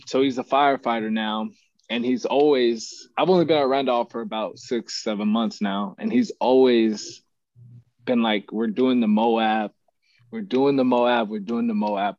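A man hosting a podcast, chatting in a relaxed, rambling way with lots of fillers. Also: medium pitch, dry recording, lo-fi sound. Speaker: podcast host. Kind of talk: casual podcast chat.

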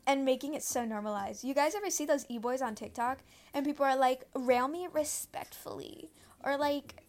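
A high, bright-toned teenage girl rambles through a casual home podcast, swearing freely and drifting off her point. Faint music plays underneath her. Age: teens. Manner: chatty, rambling, easily distracted, swears freely. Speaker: podcast host.

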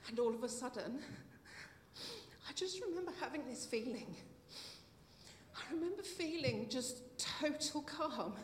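A middle-aged woman gives a heartfelt personal testimony at a church meeting, at times near tears and with soft laughs. Her high voice is expressive and a little slow. The recording is in an echoey hall with faint noise.

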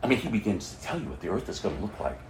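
A male pastor preaching a sermon in an animated way, laughing and acting out quotes in shifting voices. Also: on the low side, rapid-fire, roomy sound, noisy background.

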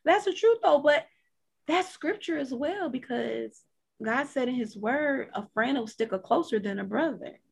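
Husky-voiced woman talking faith. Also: sits high, animated, normal speed. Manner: reflective, quotes scripture, laughs often. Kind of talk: faith-based casual chat.

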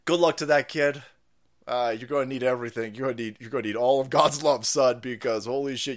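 A man streaming ranting commentary, foul-mouthed and loud, laughing and jumping between mutters and yells. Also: mid-range voice, steady tone, fairly quick.

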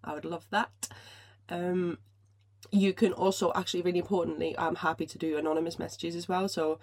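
Emotional woman, husky voice. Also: lowish voice, little pitch movement, brisk, a little mellow. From Finland. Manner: emotional, swears freely, many restarts. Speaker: podcast host. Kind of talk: casual solo podcast talk.

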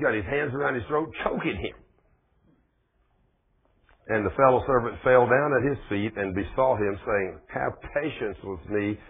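A man's voice: mid-range voice, a little hiss or hum. A man preaching a folksy sermon, asking his congregation questions. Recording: tinny phone-like radio broadcast.

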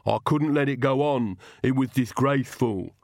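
A man reading an audiobook and voicing a gruff male castle servant who speaks plainly and matter-of-factly. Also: medium pitch, normal speed, a little mellow, dry recording, clean studio sound, lightly acted. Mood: firm.

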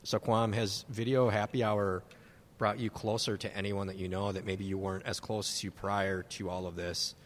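A man's voice: fairly low pitch, level tone, normal speed. A man co-hosting a casual wine-tasting chat, easygoing, explaining wines and reading out questions. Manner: easygoing, plugs and explains, likes puns. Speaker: podcast co-host. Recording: long reverb.

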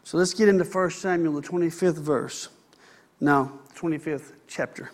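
Folksy preacher man, high voice. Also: moderate pace. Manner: folksy, conversational preaching with asides to the congregation. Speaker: pastor. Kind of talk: sermon.

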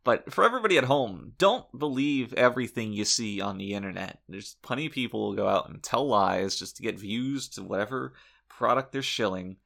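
Gravelly, bright-voiced man ranting. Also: fairly low pitch, lively intonation, a little fast. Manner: mock-indignant, swears freely. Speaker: podcast co-host. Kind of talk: comedic in-character podcast chat.

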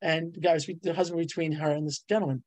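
Middle-aged woman, bubbly storyteller, dry close sound, animated guest. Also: low voice, fast, no room sound. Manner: bubbly storyteller, laughs often, voice jumps up on punchlines. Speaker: guest, ghostwriter and publisher. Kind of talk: animated casual interview talk.

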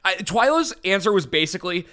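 This is a man chatting casually as a podcast co-host, his voice bright and edged. He swings his pitch up and down a lot, acting out quotes as he talks. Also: brisk. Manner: animated, acts out quotes in a shifting voice. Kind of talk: casual recap chat.

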